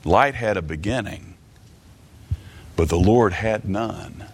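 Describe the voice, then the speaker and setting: A man teaching from the Bible in a sermon, halting and repeating words, slowing down for emphatic quotes of scripture. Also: on the low side, slightly rough. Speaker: preacher.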